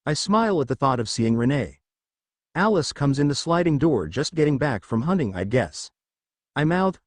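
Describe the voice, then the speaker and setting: A man reading a first-person fan fiction audiobook in a lively, expressive way. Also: medium pitch, normal speed, no echo.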